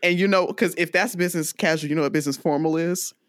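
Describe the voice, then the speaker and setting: A woman's voice: on the low side, fast, dry recording, clean studio sound. A woman from the US South co-hosting a podcast, reviewing a movie in casual chat and laughing often. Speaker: podcast co-host.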